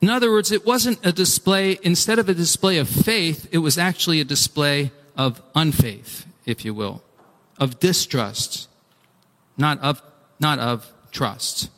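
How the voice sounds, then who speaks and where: Guy preaching a sermon, kinda high voice, lots of hall echo, gets really animated. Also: measured pace. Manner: animated, acts out pleading voices, restarts often. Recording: long hall reverb.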